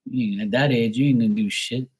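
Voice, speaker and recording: A middle-aged man hosting a tarot livestream, chatting casually in a rambling, blunt and profane way that rises into animated rants. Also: medium pitch, fairly quick, breathy edge, low-quality recording. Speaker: tarot reader host.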